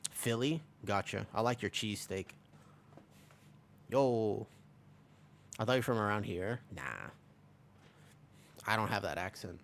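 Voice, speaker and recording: A man's voice: lowish voice, lively intonation, unhurried, pauses often. A young man from America, streaming a game and chatting casually with viewers, rambling and joking as he answers chat. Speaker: livestreamer. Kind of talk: casual livestream chat while gaming.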